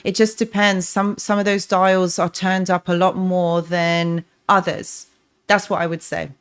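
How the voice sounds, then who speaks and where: A woman from North London with a softened London accent, hosting a live stream, reading out viewers' comments and answering them with encouragement and frequent restarts. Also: fairly low pitch, level tone, unhurried, smooth. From North London, England. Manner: warm encouraging, talks to chat by name, many restarts. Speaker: relationship coach, livestream host.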